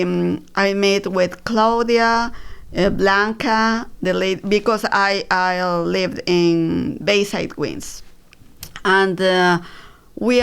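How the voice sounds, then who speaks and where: A woman, telling her personal story as an interview guest, halting with many fillers and restarts. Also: mid-range voice, vocal fry, clean tone. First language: Spanish.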